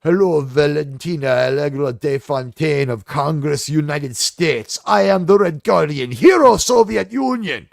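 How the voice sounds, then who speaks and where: A man's voice: on the high side, lively intonation, measured pace, gravelly, few pauses, no echo. Man doing a boastful soviet superhero, stiff pompous self-announcement, dry close sound.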